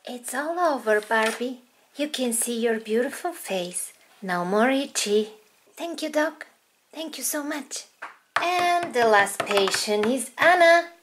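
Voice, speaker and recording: A woman's voice: on the high side, animated, slow pace, noisy background. A woman voicing dolls in a toy-play video, in a childlike, sing-song way. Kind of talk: toy play with doll voices.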